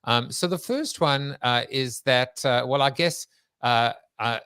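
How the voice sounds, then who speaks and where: A man's voice: medium pitch, measured pace, pushed and bright, clean tone. A male podcast host in loose, joking conversation, wandering through his setups with lots of "uh" and "um" before landing the punchline. His voice sits in the middle range, recorded dry and close with almost no room echo. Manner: rambling, jokey, with fillers and restarts. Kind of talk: conversational interview.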